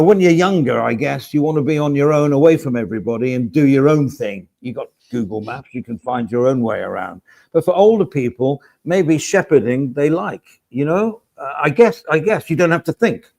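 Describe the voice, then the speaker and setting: A man with a gravelly, creaky voice chats loosely as a podcast co-host. He rambles along and drops casual swear words. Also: on the high side, animated, normal speed, a little mellow. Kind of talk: casual chat.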